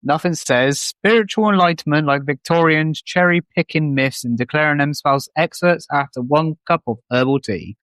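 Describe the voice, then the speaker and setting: A man co-hosting a podcast who trades deadpan, sarcastic quips in comedic banter. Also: on the high side, normal speed, hardly any pauses, clear, resonant tone, no echo. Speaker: podcast co-host.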